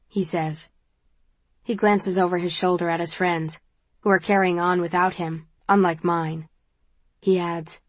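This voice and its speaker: A woman reading a novel aloud in the first person, in a calm and measured way. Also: on the low side, no echo. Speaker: audiobook narrator.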